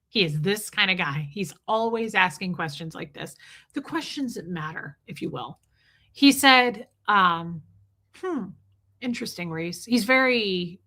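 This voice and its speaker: Bright-voiced chatty woman streamer. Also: medium pitch. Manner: rambling, chatty, greets viewers between thoughts. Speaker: live stream host. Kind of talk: casual live-stream chat.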